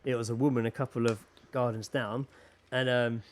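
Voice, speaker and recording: A man co-hosting a podcast in casual chat, animated, laughing a lot and swearing freely. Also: medium pitch, normal speed. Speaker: podcast co-host.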